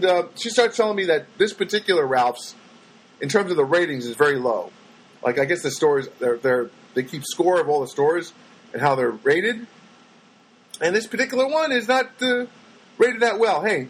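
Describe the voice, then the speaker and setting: A man with a high-pitched, slightly breathy voice tells rambling everyday stories at a moderate pace in a casual monologue. He's animated, acting out the voices of people he met, and the recording quality is low.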